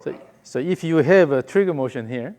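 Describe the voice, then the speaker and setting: A man's voice: a little high, animated, normal speed, darkish tone. Man coaching with short repeated cues. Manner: short repeated cues, hums counts and rhythm. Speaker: golf coach. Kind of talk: hands-on coaching session.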